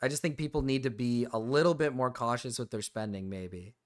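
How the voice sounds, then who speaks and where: A young man talking casually on a stream, wandering through his thoughts and restarting sentences as he goes. He swears freely, and his voice sits at a middle pitch. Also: fairly quick.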